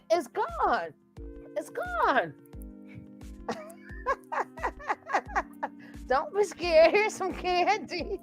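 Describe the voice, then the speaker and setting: Woman host, high voice, unhurried delivery, reacts with big laughs over faint music. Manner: animated, laughs often, loud outbursts.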